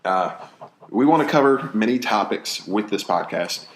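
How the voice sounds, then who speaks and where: A man's voice: on the low side, expressive, normal speed, slight background noise. A young man co-hosting a podcast in casual, rambling chat, riffing playfully on jokes. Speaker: podcast co-host. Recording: echoey room.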